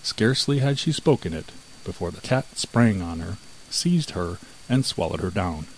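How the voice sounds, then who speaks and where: A man narrating a fairy-tale audiobook in measured storytelling. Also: sits low, expressive, a little mellow, slight background noise, poor audio.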